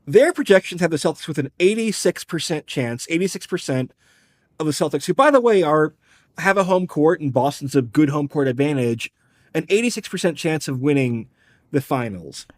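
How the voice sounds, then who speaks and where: A man with a somewhat raised pitch talks through betting odds and team records in an analytical, wry podcast manner. He moves from number to number with a conversational, explanatory flow. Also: animated, moderate pace. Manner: wry, explanatory, numbers-heavy, drops casual profanity. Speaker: podcast co-host.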